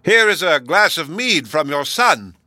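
A man voicing a rich, hot-tempered innkeeper who shouts and flusters. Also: mid-range voice, lively intonation, normal speed, no room sound, studio quality. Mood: flustered.

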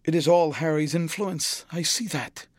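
A man voicing a vain, cold young gentleman who speaks in a languid, airy, dismissive manner, with a husky voice. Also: fairly high pitch, moderate pace, dry recording, close to an everyday voice. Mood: aloof.

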